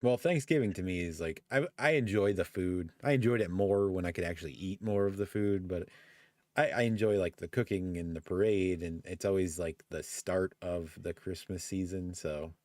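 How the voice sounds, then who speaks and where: A man with a very deep voice chats easily with his co-host, laughing often and circling back on his own sentences. The sound is close and dry, with no room around it. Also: moderate pace, darkish tone, no echo. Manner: easygoing, laughs often, rambling with restarts. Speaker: podcast co-host. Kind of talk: casual chat on a live stream.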